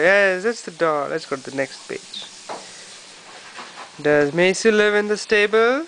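A woman's voice: medium pitch, measured pace, a bit bright, a little hiss or hum, low-quality recording. A woman coaxing a baby to pick picture books, speaking in a sing-song voice and making animal sounds. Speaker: parent reading to a baby. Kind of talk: baby talk while reading picture books.

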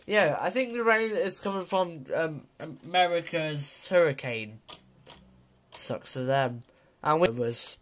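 Brief: male vlogger talking through a game at a very unhurried pace, self-mocking, uneven volume. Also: fairly high pitch. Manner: rambling, self-mocking, swings from mumbling to loud outbursts. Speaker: gaming vlogger. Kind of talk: let's-play commentary.

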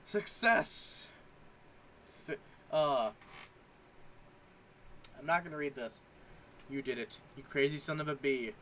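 A man with a bright, forceful tone and a slightly raised pitch reads internet memes aloud in casual commentary. He talks jokingly and slips into silly mock voices for the captions. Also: slow, pauses often, a little hiss or hum. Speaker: co-host reading memes.

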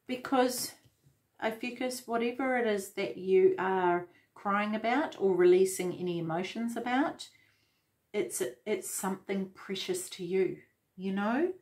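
A woman giving a casual tarot reading, gentle and reflective, with many fillers and restarts. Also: mid-range voice, measured pace. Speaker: tarot reader.

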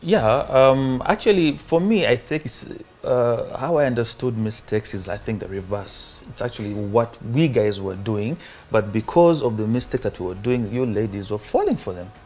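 A man with a Ugandan accent, an actor guest on a talk show, animated and acting out stories. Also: medium pitch, moderate pace, hardly any pauses. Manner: animated storyteller, acts out quoted voices. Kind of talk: casual interview chat.

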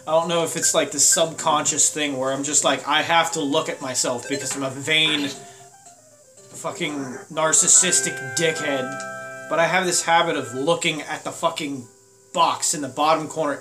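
A young man commenting on a game with a friend, loud, crude and excitable. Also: a little high, normal speed, soft background music. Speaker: let's play host.

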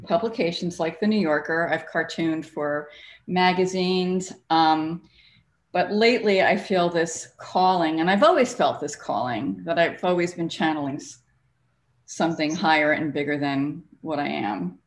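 A woman who cartoons and writes, speaking gushingly and tearfully with many pauses in a book talk. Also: sits low. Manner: gushing, tearful, hesitant with fillers. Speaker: cartoonist and author.

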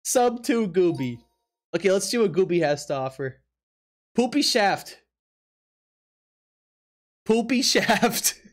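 A man's voice: sits high, big pitch swings, slow, pauses often. A man streaming live from his apartment, chatting casually with viewers, laughing often and reacting in disbelief while teasing his chat.

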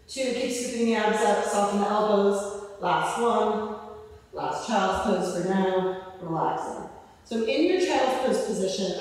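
A woman's voice: fairly high pitch, darkish tone. A young woman physical therapist leading a home floor exercise class, counting reps and cueing breaths while a bit out of breath. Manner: encouraging, counts reps aloud, cues breathing. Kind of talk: guided exercise class instruction. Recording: echoey hall, voice far from mic.

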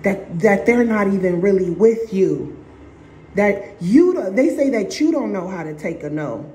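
A woman's voice: medium pitch, expressive, unhurried, dark tone, echoey room, rough recording. A woman vlogger giving emphatic relationship advice in a blunt, repetitive way, swearing casually.

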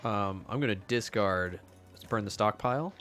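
A man's voice: lowish voice, moderate pace, a bit bright, soft background music. A man co-hosting a casual show, talking through his card-game moves and teasing his opponent. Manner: playful, teasing, narrates his moves aloud. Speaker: podcast co-host playing a card game. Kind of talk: casual game-play banter.

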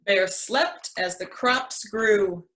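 A woman educator reading a children's picture book aloud in an expressive storytelling manner. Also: medium pitch, drawn-out words.

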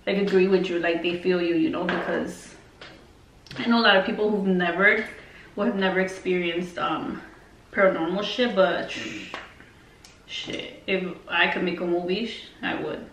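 Her voice is fairly low and moves at a moderate pace as the beauty vlogger casually rambles through a story, swearing heavily and leaning on fillers. Faint noise and a roomy, far-off mic shape the recording.

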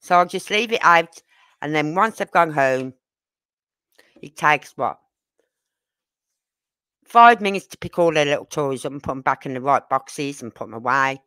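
Chatty grandmother, low voice. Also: expressive, moderate pace, long pauses, a bit bright, dry recording. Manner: chatty, rambling, keeps asking "you know what I mean". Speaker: neighbour interviewed. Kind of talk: casual storytelling chat.

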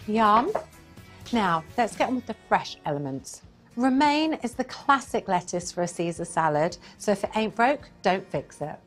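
A woman's voice: mid-range voice, big pitch swings, moderate pace, soft background music. Chatty woman cooking on camera. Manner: chatty, enthusiastic, talks while cooking. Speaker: cooking show host. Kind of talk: cooking demonstration and quick-fire interview.

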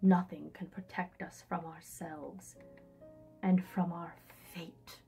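A woman's voice: fairly low pitch, steady tone, slow pace, creaky, dark tone, husky, faint music behind, exaggerated voice. A woman reading aloud as a brooding aristocratic duke, speaking in solemn, florid lines. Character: brooding aristocratic duke, grown man, dark and dramatic.

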